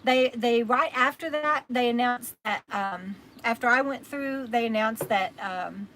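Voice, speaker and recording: On a low-quality recording with slight hiss or hum, a woman with a Texan accent chats loosely on her live stream, naming and thanking viewers. She's worn out and recovering from an illness. Her voice is a little high and a bit bright, at a measured pace.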